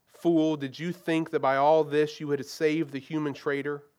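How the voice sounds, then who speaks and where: Male reader doing a cruel storybook witch, imperious and gloating, raised pitch. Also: level tone, normal speed, darkish tone, close to an everyday voice. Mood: quivering, gloating. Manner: imperious, then quivering and gloating.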